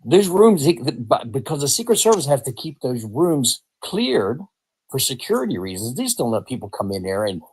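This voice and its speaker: A man's voice: medium pitch, sing-song, a little fast, breathy edge, low-quality recording. A man calling into a debate stream, argumentative and insistent. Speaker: guest caller. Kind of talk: debate chat.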